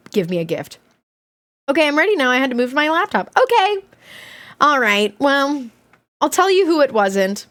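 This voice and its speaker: A woman streaming live from home, chatting casually with her viewers and breaking into loud, excited squeals. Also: mid-range voice. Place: home room.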